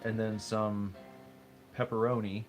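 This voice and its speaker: A man's voice: on the low side, flat delivery, measured pace. A man co-hosting a casual livestream, bantering dryly and stubbornly defending his odd pronunciations. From United States. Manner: stubborn, dry, argues pronunciation. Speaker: livestream co-host. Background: faint game music.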